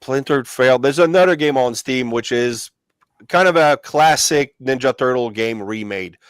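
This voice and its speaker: A man hosts a casual livestream chat and rambles through his points, stopping and restarting his sentences. His voice sits at an ordinary pitch and sounds close and dry, with no room around it. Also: clean tone, no echo. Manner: rambling, halting, many restarts and fillers. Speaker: host of a collectibles channel livestream.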